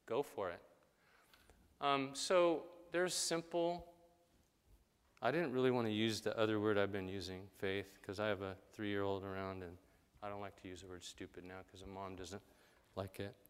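A man's voice: lowish voice, steady tone, normal speed, smooth, long reverb tail. A man preaching a sermon in a casual, conversational way, briefly acting out quoted voices.

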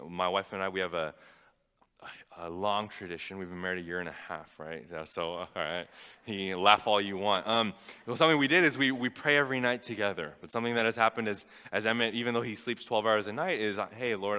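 A young man preaching a sermon, telling a personal story in an animated, fast-rising way when excited. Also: fairly low pitch, smooth. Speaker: pastor. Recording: long hall reverb.

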